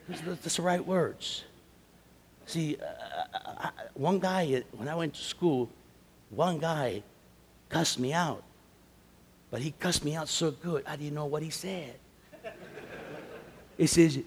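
Gravelly-voiced man preaching in a hall. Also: fairly high pitch, measured pace, pauses often. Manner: animated storytelling, acts out quotes. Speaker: conference speaker. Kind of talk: sermon. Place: large conference hall. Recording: long hall reverb.

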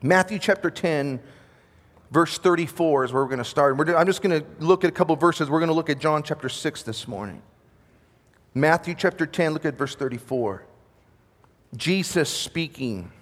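A man's voice: on the high side, animated, normal speed, long reverb tail. A man preaching a sermon at a conference, reading scripture and talking in a conversational way, often repeating words and restarting his sentences. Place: conference hall.

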